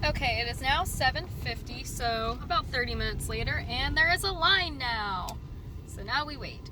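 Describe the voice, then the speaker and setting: A woman's voice: high-pitched, animated, moderate pace, heavy background noise. A young woman vlogging her day at a theme park, gushing and giddy as she narrates. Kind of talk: excited theme park vlog.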